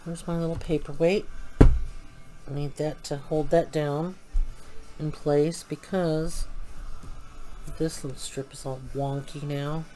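A woman's voice: sits low, level tone, slow, long pauses, music in the background, rough recording. A woman chatting casually as she works at her craft desk at home, thinking aloud as she goes. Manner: hums and sings softly to herself.

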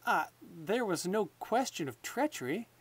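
A man's voice: high voice, sing-song, unhurried, husky, far from the mic, pitched above the performer's own voice, full character voice. A man voicing a loyal army major who answers in a deferential, placating way.

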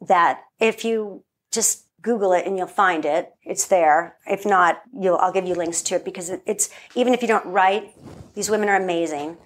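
Chatty woman guest, animated storyteller, laughs a lot in the interview. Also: on the low side, moderate pace. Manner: lively storyteller, acts out quotes, laughs often. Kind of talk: casual interview chat.

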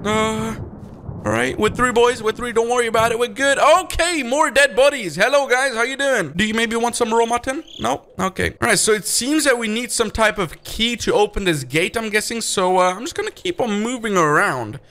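A young man hosting a gaming video, giving excitable, jumpy gameplay commentary and talking to his viewers. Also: very high voice, normal speed, a little hiss or hum.

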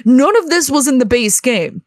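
A young woman with a fairly high voice retells a game's plot in casual podcast chat. She tells it with animated energy, peppered with fillers and the odd curse. The sound is close and dry, with no room around it. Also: normal speed, dry recording. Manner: animated storytelling, full of fillers and swearing. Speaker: podcast co-host. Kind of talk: casual chat recapping a video game.

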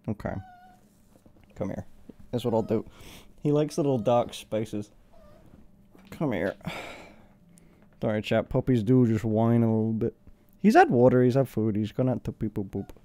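A man streaming live, chatting casually and cooing to his puppy in a high, doting voice. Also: sing-song, unhurried, pauses often, warm tone. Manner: coos to a puppy in a high baby voice.

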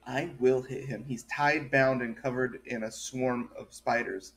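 A man's voice: mid-range voice, fairly even intonation, a little slow, a bit bright. A man playing a tabletop game, talking in a plain, earnest way. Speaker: player.

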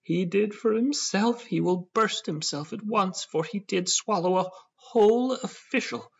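A man voicing a grasping German showman who cries out in shrill, wailing bursts. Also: fairly even intonation, unhurried, pushed and bright. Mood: frantic. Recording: dull lo-fi audio.

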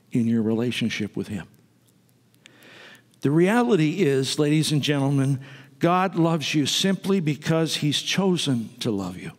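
A man preaching a sermon to his congregation, conversational, with asides to the people in the pews. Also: on the high side. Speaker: pastor. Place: church sanctuary. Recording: long reverb of a church sanctuary.

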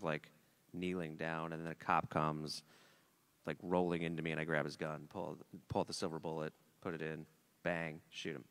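A man in his forties tells a story on a convention panel, rambling and amused at himself. His voice sits a little low. It rings out with the long reverb of a big hall. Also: fairly bright tone. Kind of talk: casual panel anecdote.

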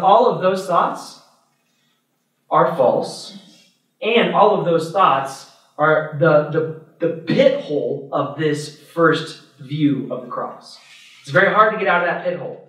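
A man's voice: a little high, animated, slow pace, fairly bright tone. A man, a Catholic priest, giving a conversational talk to adults, often checking in with "right?" and acting out people's thoughts. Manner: acts out other people's thoughts in little voices. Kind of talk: parish adult-formation talk. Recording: very echoey room, mic far off.

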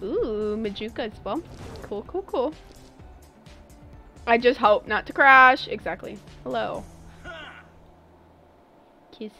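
A woman's voice: fairly high pitch, animated, a little slow, pauses often, bright, forceful tone, soft background music. A young woman streaming a game live, chatting playfully with her viewers while she plays. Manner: playful, chatty, talks to chat. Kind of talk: live gameplay commentary.

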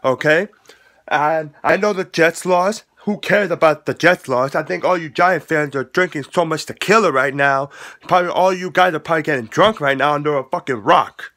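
A man ranting at rival sports fans in a home vlog, swearing a lot, mocking them and breaking into loud laughter. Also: a little high, moderate pace. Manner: profane, mocking, laughing loudly. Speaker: vlogger. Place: at home with the game on TV. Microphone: facing the camera.

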